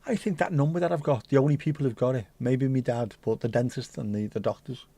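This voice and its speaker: A man's voice: mid-range voice, fast, creaky, mellow, no room sound. A middle-aged man hosting a casual livestream and chatting in a playful, cheeky, rambling way. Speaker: livestream host.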